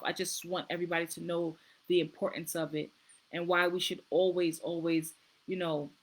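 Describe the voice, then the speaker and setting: A woman's voice: fairly low pitch, fairly bright tone, poor audio. A middle-aged woman, a nurse practitioner, hosting a casual live-stream talk, earnest and repeating herself as she goes. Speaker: host.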